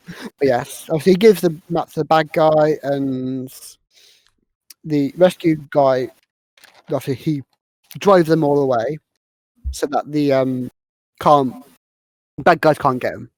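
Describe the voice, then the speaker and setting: A woman's voice: low voice, takes it slowly, long pauses, a little mellow, no room sound. A woman hosting a podcast, casually retelling a movie's plot with lots of fillers. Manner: rambling, filler-heavy retelling of scenes. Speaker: podcast host. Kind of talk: casual movie recap chat.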